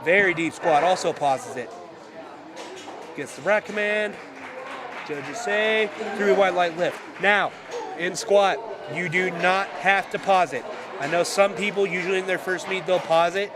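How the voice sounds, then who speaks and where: A man with a congested, slightly high voice gives live play-by-play from a powerlifting meet. He talks in a relaxed way, corrects himself as he goes and adds dry asides. Steady venue noise sits behind him. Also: measured pace, a crowd in the background. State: congested from a cold. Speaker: meet commentator. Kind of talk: live sports commentary.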